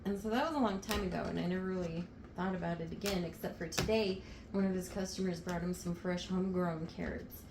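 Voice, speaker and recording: Animated woman telling a story, off-mic. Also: on the low side, fast talker. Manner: animated, lively retelling with swearing. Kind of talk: casual storytelling. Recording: roomy, noisy, off-mic.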